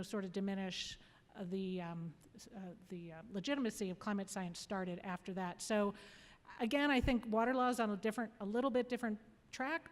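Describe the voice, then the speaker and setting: Woman, panelist, conversational, mid-pitched, long hall echo. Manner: conversational, with asides. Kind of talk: panel discussion. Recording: long reverb of a large hall.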